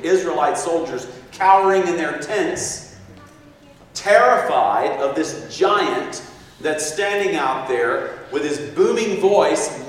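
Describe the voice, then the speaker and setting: Preacher, echoey hall from afar. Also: male voice, on the high side, a little hiss or hum. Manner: animated, acts out quotes, chuckles often. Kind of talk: sermon storytelling. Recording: distant mic in echoey hall.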